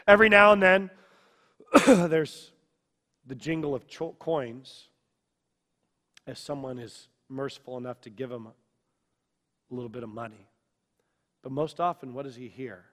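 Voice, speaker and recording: A man preaching a sermon, telling a story dramatically, dropping to a hush and rising to shouts. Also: mid-range voice, measured pace, pauses often, in a large hall.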